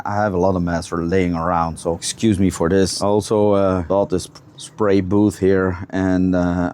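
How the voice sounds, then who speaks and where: A man with a fairly low voice chats casually through a walkthrough of his hobby project. He talks in a halting way, often stopping to search for the right words. He sounds like he is recording in a home workshop. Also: darkish tone. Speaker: hobby builder showing a model truck project. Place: home workshop with a spray booth.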